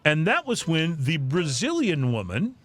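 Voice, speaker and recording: A man hosting a podcast, reading drinking news with deadpan jokes. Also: on the high side, a little slow, faint music behind. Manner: animated, deadpan joking delivery. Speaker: podcast host.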